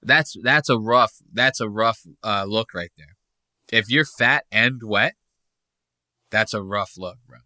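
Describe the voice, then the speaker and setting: A man's voice: fairly low pitch, slow, bright, forceful tone, no room sound, clean studio sound. A man hosting a podcast, giving crude, mocking, rambling commentary in a casual tone. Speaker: podcast host.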